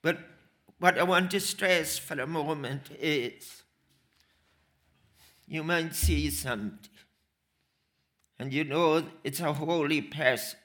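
A man preaching a sermon, slow and emphatic, repeating phrases for weight. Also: fairly high pitch, a bit bright.

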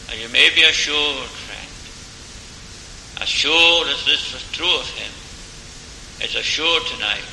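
A man preaching a sermon in a slow, earnest way, pressing his hearers with rising questions and closing in prayer. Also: mid-range voice, vocal fry, pushed and bright, slight background noise. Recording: echoey hall, faint room ambience.

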